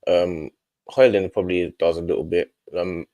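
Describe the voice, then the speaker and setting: A man on a football panel, arguing his points rapidly and earnestly. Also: deep voice, steady tone, warm tone, dry recording. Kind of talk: casual football debate.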